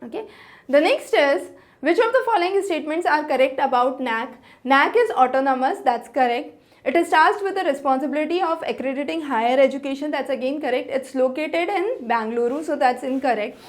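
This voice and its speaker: A woman's voice: sits high, a little fast. A woman tutor explaining exam answers in a methodical way, with an Indian English accent, going through each question step by step.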